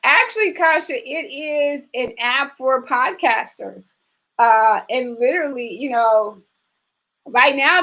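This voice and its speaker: A woman fitness trainer chatting casually on a live stream, answering viewers and filling pauses with "you know" and "um". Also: sits high, fairly bright tone. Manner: chatty, reads and answers viewer comments, frequent fillers.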